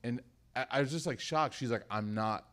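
A man's voice: mid-range voice, a little fast, fairly bright tone. A man telling stories and explaining verses in a casual religious talk, quoting Arabic. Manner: earnest storyteller, quotes Arabic verses. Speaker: religious teacher and co-host.

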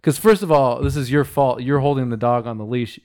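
A man's voice: mid-range voice, fairly quick, a little mellow. A man telling a story in casual podcast chat, rambling with lots of "like" and chuckling at himself. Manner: rambling, many likes, self-amused laughs. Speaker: podcast host.

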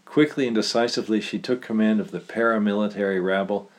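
Male author narrating his own fiction; low voice, plain steady reading. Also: quick pace. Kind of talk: story reading.

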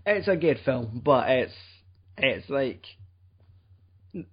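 A young Scottish man hosting a casual film review chat, rambling and swearing in a deadpan way. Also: mid-range voice, slow pace, slightly rough, highs cut off. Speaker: podcast host.

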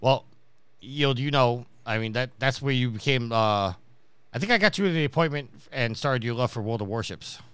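A man's voice: medium pitch, animated, normal speed, fairly bright tone, clear, resonant tone, no room sound. A man from New York hosting a casual podcast and telling stories, acting out the people he quotes. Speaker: podcast host.

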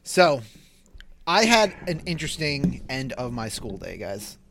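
A man's voice: mid-range voice, very animated, measured pace, creaky, background noise. A man who teaches school, co-hosting a podcast and telling a rambling story in casual chat. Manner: rambling, hedging with many fillers.

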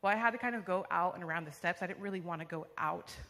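A woman's voice: on the low side, fast talker, fairly bright tone. A young woman telling her personal testimony to a church congregation, a vivid storyteller with frequent fillers. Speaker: church member giving testimony. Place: church sanctuary. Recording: long reverb of a large hall.

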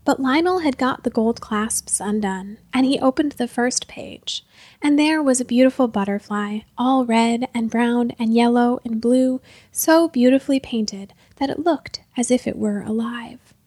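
A woman reading a storybook aloud in gentle, measured narration. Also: a little high, no room sound.

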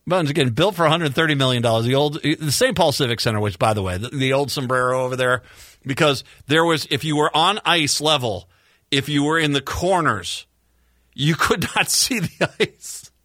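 A man's voice: medium pitch, brisk, a bit bright, no room sound, clean studio sound. A male radio talk show host from Minnesota, chatting casually with rambling repeats and sarcastic asides. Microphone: studio microphone.

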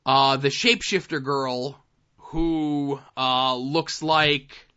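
A man's voice: medium pitch, fairly even intonation, very slow, pushed and bright, clean tone, muffled recording. A man co-hosting a casual podcast, recapping TV episodes in a laid-back, dry way with plenty of fillers. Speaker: podcast co-host.

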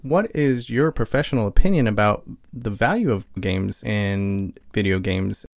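A man's voice: lowish voice, lively intonation, unhurried, creaky, dry recording, clean studio sound. A man hosting a casual podcast and asking his guests friendly questions. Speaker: host.

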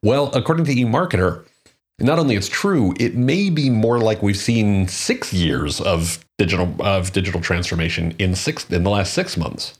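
Man, low husky voice, solo commentary, reads figures then drives home his points. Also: lively intonation, normal speed. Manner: reads quotes and statistics, then comments emphatically. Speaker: marketing commentator. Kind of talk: solo talk on digital marketing.

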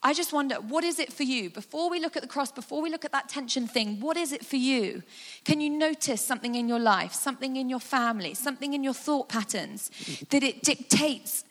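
Woman speaker, guided imagination talk, animated, casual fillers, high voice, reverberant hall. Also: a little fast. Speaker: church speaker. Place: large hall with a sound desk.

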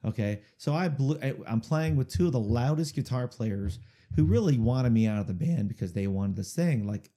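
A man's voice: medium pitch, expressive, moderate pace, warm tone. A man, a singer-songwriter guest, telling a rambling story in a casual interview and checking in with the listener as he goes. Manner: chatty, rambling storyteller who keeps checking in with "okay?".

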